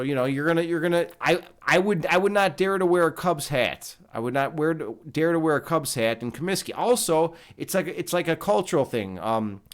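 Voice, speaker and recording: A man's voice: fairly high pitch, clear, resonant tone. Profane man chatting live. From Chicago. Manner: profane, loose and rambling. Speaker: livestream host. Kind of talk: casual chat reading live comments.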